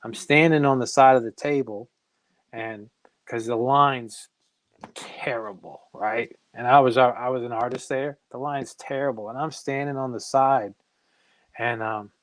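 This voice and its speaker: Animated middle-aged man telling stories. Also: mid-range voice, a little slow, no echo, rough recording. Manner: animated, acts out quoted voices. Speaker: comic creator guest. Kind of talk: casual storytelling anecdotes.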